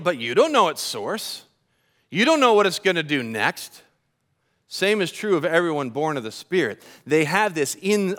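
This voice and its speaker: A man preaching a church sermon in an animated way, slowing down to stress key points. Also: high-pitched. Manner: animated preaching, slows for emphasis. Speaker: pastor. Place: church service.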